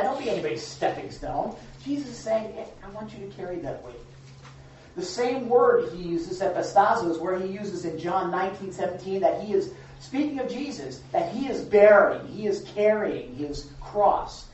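A woman's voice: lowish voice, darkish tone, slight background noise. A woman preacher giving a candid, conversational sermon with frequent restarts, recorded from a distance in a church hall. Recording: echoey dull recording from a distance.

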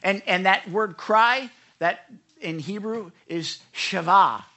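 A pastor giving a conversational sermon, earnest and repetitive, who stops to act out prayers, sometimes in a whisper and sometimes in a loud cry. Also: medium pitch, slow.

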